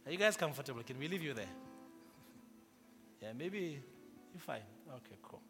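A man's voice: a little high, animated, normal speed, a bit bright, big-room sound, faint music behind. A man preaching a sermon to a congregation, prompting them to respond and building to emphatic rises. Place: church.

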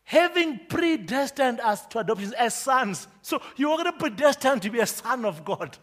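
Animated high-voiced male preacher. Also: moderate pace. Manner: emphatic, quizzing the congregation with repeated questions. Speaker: pastor. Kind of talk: sermon.

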